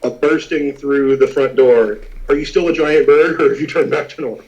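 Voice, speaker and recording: A man narrating a tabletop game as game master, with frequent pauses and filler words. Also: on the high side, steady tone, a little mellow, dull audio. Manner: halting, many filler words.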